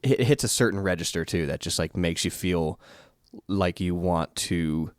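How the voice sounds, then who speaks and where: A man co-hosting a podcast, chatting casually with joking, deadpan asides. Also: deep voice, moderate pace, clean tone, no room sound, clean studio sound. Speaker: podcast co-host. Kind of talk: casual chat.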